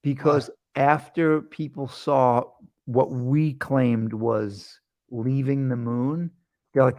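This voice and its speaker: Male talk-show host, middle-pitched voice, loose and joking, dry booth sound. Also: fairly even intonation, a little mellow, dry recording. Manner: rambling, jokey storytelling with quick asides. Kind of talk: casual chat.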